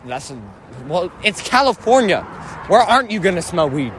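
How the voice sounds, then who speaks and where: A man's voice: high voice, sing-song, moderate pace. Joking young man on a noisy street. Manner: crude, joking, tells jokes with put-on voices. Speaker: podcast co-host. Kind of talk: casual chat while walking outdoors. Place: city street outdoors with traffic. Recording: street noise behind.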